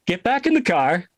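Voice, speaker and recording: A middle-aged man from Connecticut telling a story in a casual interview, animated and laughing often. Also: high voice. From Connecticut, USA. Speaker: guest musician.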